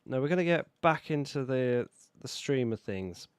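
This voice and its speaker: A British man with a hoarse voice from a cold, casually chatting while he builds in a city-building game. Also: medium pitch, normal speed, no room sound, studio quality. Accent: British English. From Britain. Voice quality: relaxed, rambling, self-correcting. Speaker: video game streamer. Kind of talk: casual gameplay commentary.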